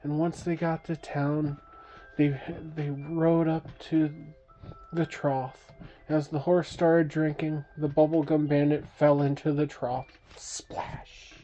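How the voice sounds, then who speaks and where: Low-voiced woman telling a bedtime story. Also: little pitch movement, takes it slowly, warm tone, faint music behind. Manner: playful, makes sound effects, asks the listener questions. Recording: dull lo-fi recording.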